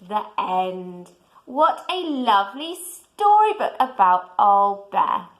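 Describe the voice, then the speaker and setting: A woman reading a children's storybook aloud in a gentle way, pointing out the pictures to young listeners. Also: medium pitch, sing-song, slow pace, low-quality recording.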